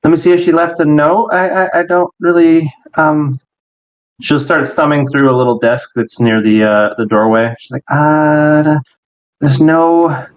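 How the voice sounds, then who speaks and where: A man's voice: on the high side, fairly even intonation, moderate pace, highs cut off. A man narrating as game master, hesitant and filler-heavy as he improvises scenes.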